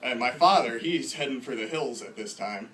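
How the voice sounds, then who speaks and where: A man's voice: mid-range voice, expressive, moderate pace, fairly bright tone, a little hiss or hum, low-quality recording. A man in his twenties telling casual, self-deprecating stories at a stand-up open mic in a small bar. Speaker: first-time stand-up comedian. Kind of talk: stand-up comedy.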